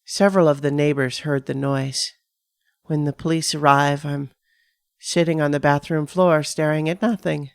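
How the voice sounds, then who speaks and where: A woman giving a measured, dramatic first-person reading of a scripted horror story on a close studio mic. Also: low-pitched, fairly even intonation, no echo. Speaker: narrator.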